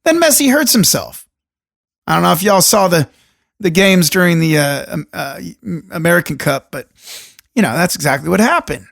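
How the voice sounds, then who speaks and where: A man hosting a solo podcast, talking alone into a studio microphone in a deliberate radio voice with jokey, rambling asides. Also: high-pitched, expressive, creaky, a bit bright. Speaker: podcast host. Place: room alone.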